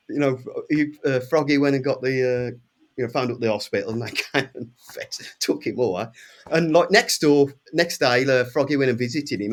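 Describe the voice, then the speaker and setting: An English man in his sixties spins a long, casual anecdote at a middle pitch. He keeps breaking into the voices of the people he quotes, with sudden leaps up in pitch, and laughs his way through the wilder moments. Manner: lively anecdotes, acts out quoted voices with big pitch jumps. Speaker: guest musician. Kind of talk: casual storytelling.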